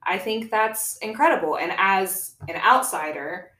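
A woman's voice: medium pitch, animated, unhurried, pushed and bright. A woman hosting a podcast interview, asking earnest, admiring questions. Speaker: podcast host. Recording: echoey room.

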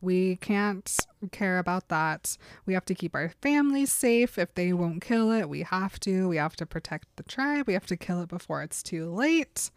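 A woman casually recapping a book on a podcast, retelling scenes with quick acted quotes and frequent laughter. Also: lowish voice, animated, no echo, clean studio sound. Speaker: podcast co-host.

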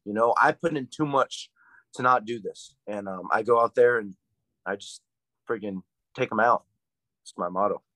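A young man, a college wrestler, chatting fast and hyped in a casual interview, rambling with lots of fillers. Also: lowish voice, sharp tone, no room sound, low-quality recording. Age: young adult.

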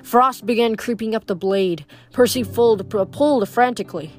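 A woman reading a novel aloud, steady with small slips. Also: on the high side, moderate pace, soft background music. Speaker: reader. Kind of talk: audiobook reading.

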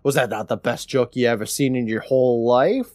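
A man co-hosting a podcast, retelling an episode from his notes in a wry, deadpan way with frequent laughs. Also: medium pitch, a little fast, no room sound. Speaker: podcast co-host recapping an episode. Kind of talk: casual chat, recapping from notes.

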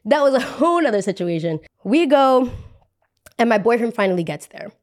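A young woman from New Jersey, a podcast host telling a dramatic story with lively quoted voices. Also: on the high side, fairly quick.

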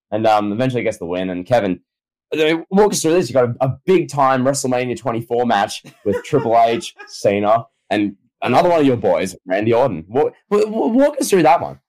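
A man's voice: mid-range voice, a little mellow, poor audio. A man co-hosting a casual chat, talking in laid-back, slangy banter. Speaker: co-host.

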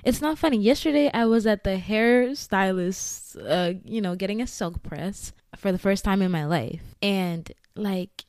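A woman's voice: medium pitch, a little slow, hardly any pauses, a little mellow, dry recording. Twenty-something woman rambling on her podcast, giggly, close dry mic. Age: 20s. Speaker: podcast host. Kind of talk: casual chat.

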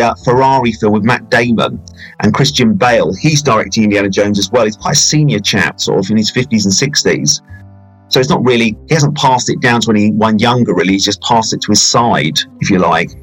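A man's voice: mid-range voice, poor audio. A man, a film reviewer, chatting casually on a podcast, rambling with fillers and playful banter.

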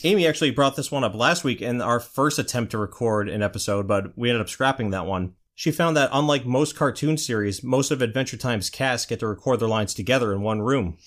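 Man podcast co-host with a mid-range pitch who chats in an easygoing, agreeable way. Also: a little fast, few pauses, a bit bright. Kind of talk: casual chat.

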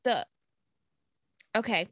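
A woman's voice: drawn-out words, a bit bright, dry recording. A woman comedian guest chatting on a podcast, laughing often and acting out quoted lines. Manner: giggly, acts out quotes in bursts. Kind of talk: casual podcast chat.

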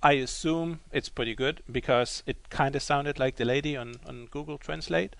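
A man's voice: mid-range voice, moderate pace, creaky, no room sound. Male co-host, teasing and amused, dry sound. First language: German. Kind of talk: casual chat.

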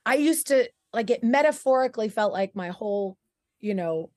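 This woman's voice is a little high and darkish in tone, animated, and at normal speed, recorded in studio quality without echo. Co-hosting a podcast, she chats candidly and rambles, voicing her inner thoughts aloud as characters.

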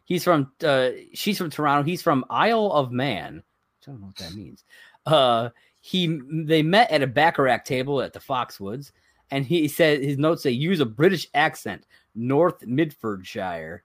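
A man's voice: mid-range voice, lively intonation, unhurried, dry recording, studio quality. A man co-hosting a podcast, chatting casually as he reads items from a list, rambling and chuckling along the way. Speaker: podcast co-host. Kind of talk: casual chat.

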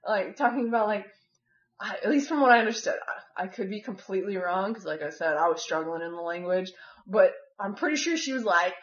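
A woman's voice: medium pitch, animated, brisk. Chatty woman rambling through a story. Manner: rambling, heavy use of "like" and "you know". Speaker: former volunteer living with a host family. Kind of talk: casual personal storytelling. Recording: dull, echoey room recording.

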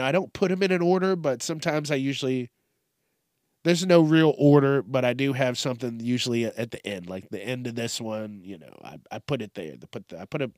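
A man's voice: medium pitch, dry recording. Male podcast host, young, swearing and ranting through the news, dry booth sound. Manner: profane, ranting, sarcastic. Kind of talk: casual news commentary.

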